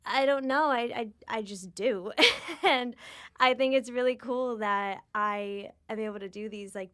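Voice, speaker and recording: A woman's voice: medium pitch, fairly bright tone, smooth. A woman voice actor chatting in a bubbly way, laughing often. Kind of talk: casual chat.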